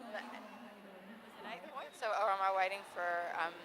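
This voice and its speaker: A woman's voice: medium pitch, fairly even intonation, a little slow, crowd noise. A woman with an Australian accent doing easygoing live commentary on a roller derby game.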